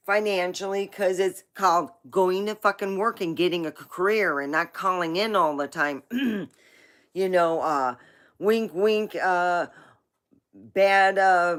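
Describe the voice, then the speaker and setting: A woman hosting a livestream, telling rambling family stories in a casual way, laughing often and swearing now and then. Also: on the low side. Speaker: livestream host. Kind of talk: casual storytelling.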